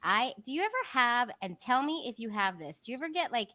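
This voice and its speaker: A woman's voice: a little high, big pitch swings, fast, bright, forceful tone, slight background noise. A middle-aged woman co-hosting a podcast, chatting in a candid, confiding way. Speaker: podcast co-host. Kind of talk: casual chat.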